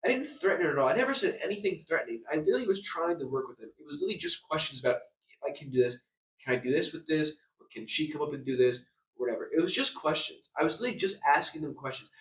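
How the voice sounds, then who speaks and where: A young man rants at a rapid clip, heated and profane, tripping over his words and restarting. His voice sits a little high for a man. He is recorded from a distance in an echoey hotel room. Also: expressive, a bit bright. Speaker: vlogger. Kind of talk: ranting vlog. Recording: echoey room, far from the mic.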